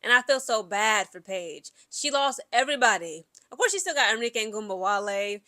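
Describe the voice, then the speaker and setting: A woman's voice: medium pitch, lively intonation, brisk, bright, forceful tone. A woman giving casual, opinionated sports gossip commentary to her viewers, chatty and emphatic, often tossing in "okay?". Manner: chatty, keeps asking "okay?" and addresses viewers directly.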